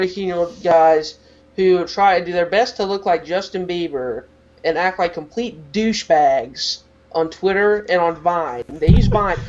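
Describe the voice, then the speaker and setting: Rambling teenage guy, lo-fi mic. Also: high voice. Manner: rambling, many "like" fillers. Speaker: podcast co-host. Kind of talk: casual podcast chat.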